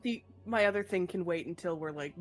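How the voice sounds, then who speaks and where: A woman's voice: on the low side, brisk, soft background music. Chatty woman player in a tabletop game. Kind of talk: tabletop role-play.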